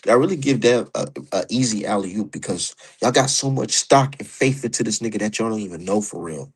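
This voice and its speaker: A man's voice: fairly low pitch, a little fast, breathy edge. A man ranting about boxing on his stream, heated, profane and mocking. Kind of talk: opinionated casual rant.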